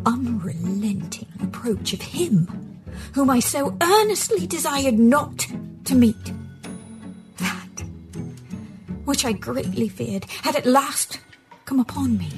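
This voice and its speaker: A reflective older British scholar, as a woman puts on the accent, reads in a solemn hush. Every phrase is drawn out with long pauses. Music plays clearly underneath. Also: a little high. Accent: put-on British.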